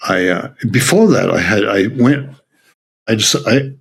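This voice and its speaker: An older man with an Australian accent telling stories in an interview, halting with many restarts and frequent laughs. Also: fairly low pitch, lively intonation, creaky, husky. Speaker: Zen teacher. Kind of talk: reflective interview storytelling.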